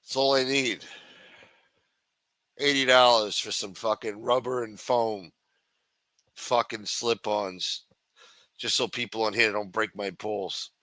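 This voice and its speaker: A man's voice: lowish voice, steady tone, takes it slowly, long pauses, pushed and bright, dry recording. A man hosting a live stream, ranting and swearing constantly in an irritated, complaining way. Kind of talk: casual profane rant reacting to a stream.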